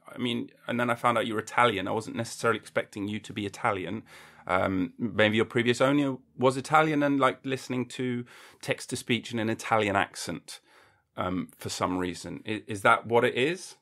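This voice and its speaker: A man's voice: mid-range voice, a bit bright. A man hosting a podcast in a casual comedic monologue, rambling and jokey, swearing freely and acting mock-indignant. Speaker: podcast host.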